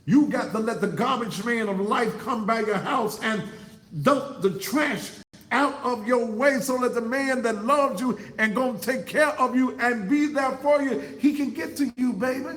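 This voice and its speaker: A man giving blunt, fiery advice in a preaching-style monologue, repeating words in bursts and swooping up high. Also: moderate pace, fairly bright tone. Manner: blunt, street-talking advice. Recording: roomy, echoey sound.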